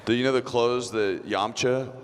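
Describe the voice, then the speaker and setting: A man's voice: mid-range voice, steady tone, normal speed. A man who voices cartoon characters, joking and laughing often as he chats on a convention panel. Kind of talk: casual panel chat. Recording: echoey hall, background noise.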